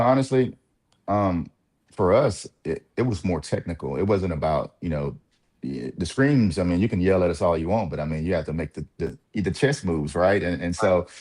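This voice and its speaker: Deep-voiced former player, relaxed. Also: male voice. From Mississippi. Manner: relaxed, reflective, many fillers and light laughs. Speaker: former college point guard, guest. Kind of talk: casual interview talk.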